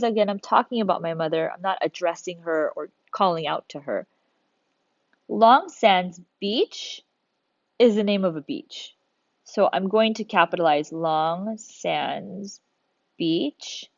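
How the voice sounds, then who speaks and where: A woman's voice: mid-range voice, a little slow, dry recording, muffled recording. A woman teacher talking through a recorded grammar lesson, patient, step by step, thinking aloud as she works.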